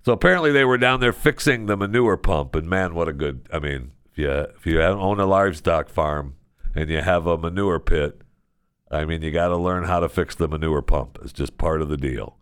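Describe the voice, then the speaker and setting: Guy hosting a radio show, gravelly but smooth voice, jokey storytelling, dry studio sound. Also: low-pitched, normal speed, no echo. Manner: animated storytelling, joking. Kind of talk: casual chat.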